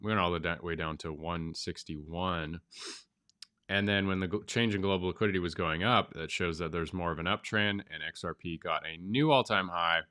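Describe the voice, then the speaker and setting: Brief: male host, head cold, nasal, low voice with a bright, clean tone, chatty chart walkthrough. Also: normal speed. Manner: thinks aloud, chatty and informal with frequent ums. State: has a cold. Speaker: crypto astrology channel host.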